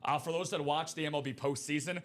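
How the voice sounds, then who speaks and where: A man hosting a live stream of memorabilia breaks, chatting upbeat and fast as he pitches to viewers. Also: steady tone, a bit bright. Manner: upbeat, chatty, quick patter.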